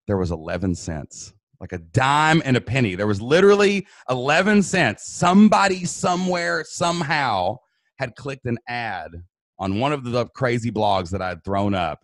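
A man telling an emotional personal story in a casual, animated way, often saying "dude" and "man". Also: on the low side, no echo, studio quality. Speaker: guest.

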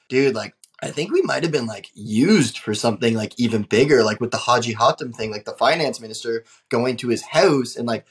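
A young man telling a travel story in casual podcast chat, rambling with many fillers and frequent swearing. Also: mid-range voice. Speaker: guest traveler.

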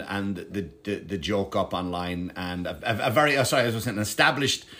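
A man's voice: medium pitch, sharp tone. Rambling, profane male comedian. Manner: profane, digressive, frequent restarts. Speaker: stand-up comedian. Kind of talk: casual rambling monologue to camera.

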